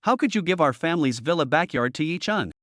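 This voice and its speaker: Shrill, scolding recap mother, lively and raised, put on by a male narrator. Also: fast talker, no echo, clean studio sound. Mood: furious. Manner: shouting, indignant. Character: angry middle-aged mother, shrill and scolding.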